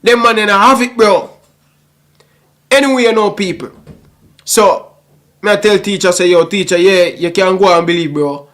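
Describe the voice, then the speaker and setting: A man's voice: high voice, moderate pace, pauses often, fairly bright tone. A young man with a Jamaican Patois accent, ranting passionately and emotionally to his online audience, repeating himself and calling everyone bro. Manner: passionate, repetitive, frequent "bro" and "brother". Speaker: YouTube football commentator. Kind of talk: emotional rant to camera.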